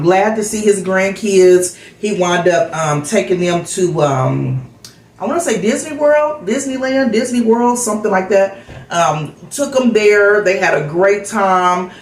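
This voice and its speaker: A woman's voice: lowish voice, roomy sound, rough recording. A middle-aged woman vlogger chatting candidly and telling a personal story in a casual way. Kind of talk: casual chat vlog.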